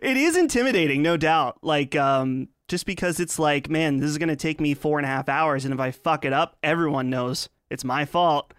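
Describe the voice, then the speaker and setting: A man in a casual podcast chat, speaking hesitantly and halting between thoughts. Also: on the high side, a bit bright, smooth, dry recording.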